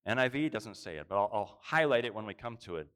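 A man's voice: lowish voice, animated, quick pace, fairly bright tone, clean tone. A man preaching a sermon, reading scripture aloud and stretching out key words for emphasis.

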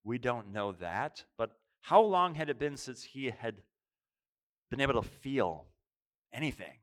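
A man's voice: medium pitch, very animated, unhurried. A man preaching a sermon, reflective, asking rhetorical questions and stressing single words. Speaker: pastor.

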